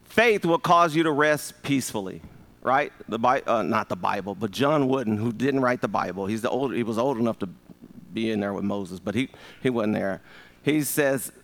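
A man in his fifties preaching a sermon as pastor, animated and joking, calling on the congregation to answer. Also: mid-range voice, normal speed, gravelly. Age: 50s.

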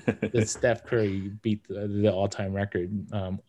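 A man's voice: fairly low pitch, flat delivery, unhurried, mellow. A young man co-hosting a casual sports podcast, talking loosely with many fillers. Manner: rambling, lots of fillers. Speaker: podcast co-host.

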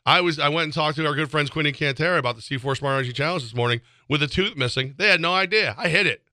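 A quick-talking man with a very bright, forceful voice tells a rambling story in casual chat and restarts his sentences often. He mocks himself as he goes and chews gum. The sound is dry and close, with no room around it. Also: on the high side, no room sound. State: chewing gum. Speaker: sports radio co-host.

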